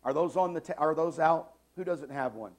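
Pastor, man, 40s, slightly high voice, emphatic sermon delivery, repeats key lines, loud-soft swings. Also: fairly quick. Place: church sanctuary.

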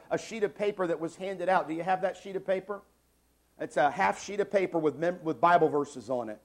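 Pastor, man, 40s, slightly high voice, emphatic sermon delivery, repeats key lines, loud-soft swings. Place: church sanctuary.

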